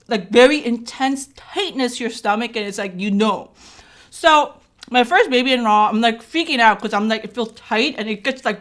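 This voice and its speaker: Woman, slightly high voice, rambling casual storytelling, lots of "like". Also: a bit bright. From Korea. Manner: rambling, chatty, filled with "like" and "right?". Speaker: vlogger and mother.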